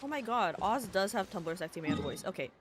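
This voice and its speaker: A woman's voice: mid-range voice, animated, a little fast, background noise. A woman streamer giving rambling, casual commentary as she plays, thinking aloud and swearing often. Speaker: game streamer. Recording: streamer mic with loud game music.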